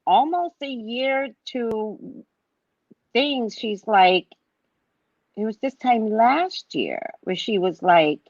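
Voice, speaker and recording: A woman hosting a casual chat over a video call, telling stories in an animated way and acting out what others said. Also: on the high side, takes it slowly, dry recording, muffled recording. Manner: animated storyteller who acts out quotes. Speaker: host, psychic reader.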